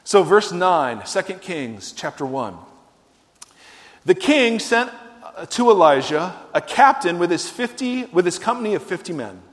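Male preacher, high voice, chatty and wry, keeps asking the congregation questions. Long hall reverb. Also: sing-song, a little slow. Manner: conversational, asks the audience questions, wry humor. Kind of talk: sermon.

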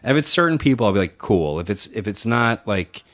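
A man with a fairly low voice spins casual podcast stories. He acts out other people's lines as he goes and swears freely. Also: lively intonation, fairly quick, a bit bright. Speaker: podcast co-host and wrestling promoter.

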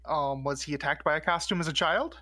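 Guy on a podcast, bright sharp voice, kinda high, playful, dry sound. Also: brisk, no room sound. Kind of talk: casual chat.

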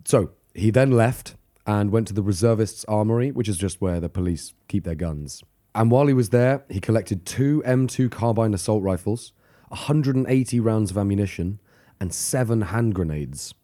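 A man co-hosts a casual true-crime podcast, telling the story with jokes, swearing, bursts of laughter, and mock voices. His voice is lowish and dark in tone, with lively intonation and a moderate pace.

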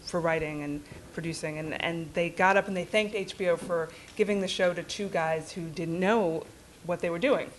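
A woman's voice: fairly low pitch, moderate pace, slight background noise. A woman on a panel discussion, recounting an observation in a reflective way.

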